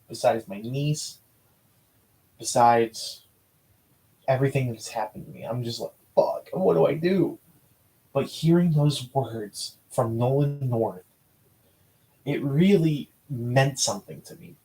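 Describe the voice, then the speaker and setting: Guy rambling through his old stories, slow and mellow, lots of restarts and swearing. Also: mid-range voice, rough recording. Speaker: vlogger recalling school newspaper interviews. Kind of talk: casual personal storytelling.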